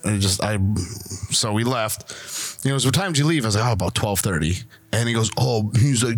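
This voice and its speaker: A man's voice: fairly low pitch, a little fast, dry recording. A man hosting a casual podcast chat, telling a story and acting out the dialogue. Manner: animated storyteller, acts out quoted dialogue. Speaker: podcast host.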